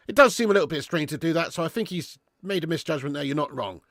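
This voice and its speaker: A man hosting a live football watch-along, sweary and bantering, swinging into excitable commentary. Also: on the high side, quick pace, no room sound, clean studio sound. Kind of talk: live match commentary and chat.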